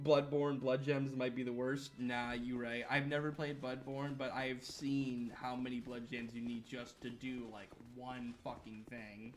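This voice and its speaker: A young man live-streaming a game, talking excitably and rambling, swearing often and reacting to chat. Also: medium pitch, measured pace.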